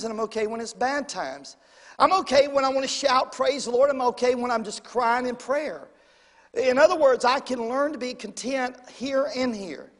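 Pastor guy, really high voice, preaching loud in an echoey church. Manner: call-and-response preaching, rising to emphatic bursts. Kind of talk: sermon. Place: church sanctuary.

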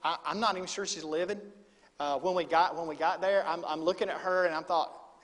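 A man's voice: a little high, steady tone, a little fast, fairly bright tone. Folksy man preaching in a hall. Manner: folksy storytelling with quoted asides. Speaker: student minister. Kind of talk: sermon.

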